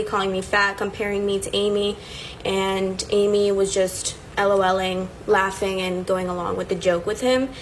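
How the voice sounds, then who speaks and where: A woman's voice: medium pitch, slight background noise, low-quality recording. A middle-aged woman telling a confessional story in an earnest, upset way.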